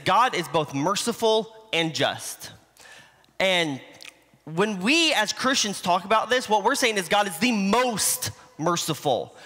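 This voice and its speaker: A man's voice: high voice, bright, forceful tone. A man preaching a sermon in a church, teaching in a conversational way with homespun examples. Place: church sanctuary. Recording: livestream in a reverberant church hall.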